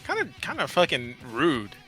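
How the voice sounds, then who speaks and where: A man playing a tabletop role-playing game, animated and jokey, often stammering as he restarts his sentences. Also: a little high, normal speed, soft background music. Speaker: player.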